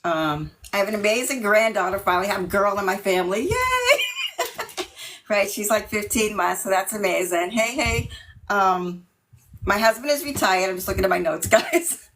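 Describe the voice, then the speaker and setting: A middle-aged woman from Massachusetts, talking about herself in a video call interview, nervous and emotional, with many ums and pauses. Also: mid-range voice, fairly bright tone, low-quality recording. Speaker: team member.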